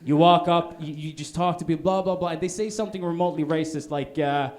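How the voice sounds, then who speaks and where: A man's voice: on the high side, quick pace. A man from Norway doing a live stand-up set in a comedy bar, rambling with stammered restarts and punchy asides.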